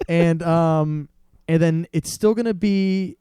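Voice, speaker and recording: A man's voice: on the high side, slow pace, clean tone, no echo, studio quality. A young man, a podcast guest, telling a long story in casual chat and acting out other people's lines as he goes. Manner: animated, acts out salesmen's voices in quotes.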